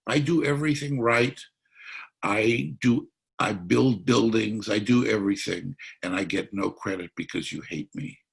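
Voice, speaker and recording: A man's voice: fairly low pitch, measured pace, gravelly, breathy edge, exaggerated voice. A man voicing a whiny little boy who complains that he gets no credit. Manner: whining, self-pitying.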